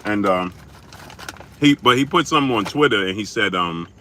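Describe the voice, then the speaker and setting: A man's voice: lowish voice, animated, normal speed, bright, forceful tone, a little hiss or hum. A man hosting a casual livestream, reading out viewer names and super chats in a slangy, laid-back way, sometimes chewing as he talks. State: chewing while talking. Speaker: livestream host. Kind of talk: casual live-stream chat, reading out viewer shout-outs.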